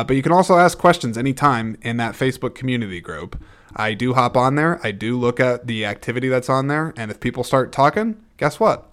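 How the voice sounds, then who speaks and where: A man's voice: mid-range voice, a bit bright, smooth. A man in his thirties hosting a podcast, talking casually and rambling as he thinks aloud, with frequent restarts. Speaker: podcast host. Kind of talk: casual solo monologue.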